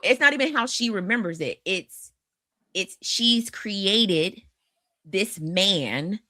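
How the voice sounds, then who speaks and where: A woman co-hosting a casual podcast about horror films, talking in an animated way, often restarting her sentences and acting out the quotes she gives. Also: medium pitch, takes it slowly, no echo, studio quality. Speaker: podcast co-host. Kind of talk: casual horror film discussion.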